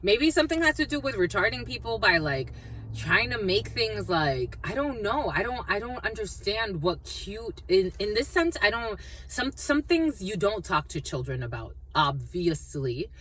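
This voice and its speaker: A woman's voice: normal speed, slight background noise, poor audio. A woman giving a casual spiritual tarot reading to her viewers, talking freely, repeating phrases and calling them "my lovies". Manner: animated, swoops high and drops low, repeats phrases, calls listeners "my lovies". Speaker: tarot reader.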